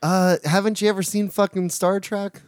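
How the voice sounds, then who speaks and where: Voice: mid-range voice, steady tone, normal speed, a little mellow. A podcast guest in casual, crude banter, teasing the others and throwing out wisecracks.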